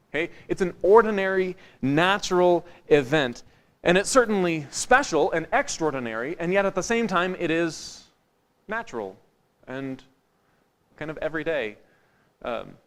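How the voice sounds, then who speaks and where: A man with a somewhat high voice delivers a sermon in a church. His tone is conversational and joking, and he turns quiet and intimate on his key points. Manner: conversational and wry, swinging from lively to hushed. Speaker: preacher.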